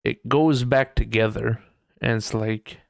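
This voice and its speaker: A man's voice: medium pitch, fairly even intonation, measured pace, vocal fry, no room sound, studio quality. A man hosting a casual solo podcast, rambling loosely and laughing often, with lots of "you know". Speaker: podcast host.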